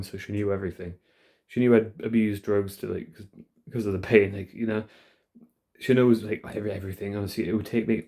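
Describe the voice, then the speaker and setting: A man's voice: fairly low pitch, dark tone. A young man vlogging at home, talking in a rambling, profane, casual monologue. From United Kingdom. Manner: rambling, profane, rough-edged. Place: at home, indoors.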